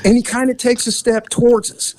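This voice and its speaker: A man's voice: very high-pitched, fairly quick, slight background noise. A man hosting a podcast, casually telling a crime story with lots of laughter and cursing. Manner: animated, laughs often, swears freely.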